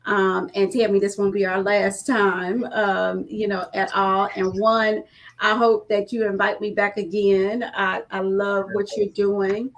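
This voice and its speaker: A woman's voice: mid-range voice, level tone, measured pace. A woman in her thirties, a small business owner, talking earnestly in a casual panel conversation from her home studio over a video call. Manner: earnest, rambling with fillers. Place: home studio, former bedroom.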